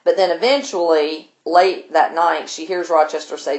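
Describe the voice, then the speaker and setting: A woman's voice: low-pitched, steady tone, moderate pace, darkish tone, reverberant. A woman teacher, casually retelling a novel for her class in a loose, chatty way. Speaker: literature teacher.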